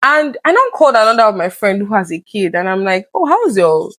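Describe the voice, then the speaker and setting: An earnest woman shares her own experience in a candid conversation, at a middle pitch for a woman. Her voice sits close and dry, with no room sound around it. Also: fast talker, no echo. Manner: earnest, reenacts conversations with lively quoted voices. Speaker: guest.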